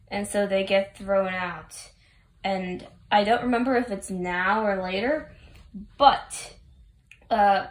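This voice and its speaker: A woman casually recapping a story in a rambling, chatty way, full of asides. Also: mid-range voice. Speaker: fan recapping a game story. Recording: roomy echo.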